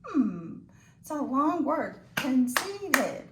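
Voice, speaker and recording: A woman teaching a phonics lesson to children, slow and encouraging with sing-song praise. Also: a little high, sing-song, background noise. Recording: echoey room, voice from a distance.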